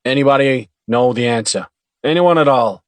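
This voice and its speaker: Male narrator doing a towering gentle bruiser, playful. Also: medium pitch, normal speed, no echo, pitched above the performer's own voice, lightly acted. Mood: amiable, teasing. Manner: friendly, playful questioning. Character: big battered gentle man, deep-voiced, amiable.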